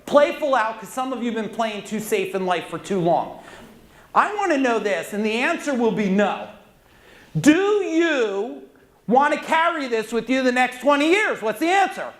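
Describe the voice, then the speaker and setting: An intense, commanding man speaks from a stage, his voice sitting unusually high. He drives the crowd through questions and shouted replies. The sound rings with the echo of a big hall. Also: big pitch swings, moderate pace. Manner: intense, commanding, leads audience call-and-response. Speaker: motivational speaker. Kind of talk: live motivational stage talk. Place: large conference hall with audience. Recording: echoey hall.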